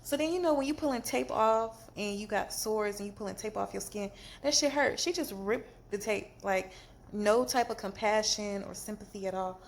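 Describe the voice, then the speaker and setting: A woman telling a storytime vlog from a hospital bed after surgery, animated and exasperated, in pain. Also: mid-range voice, normal speed, vocal fry. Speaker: vlogger.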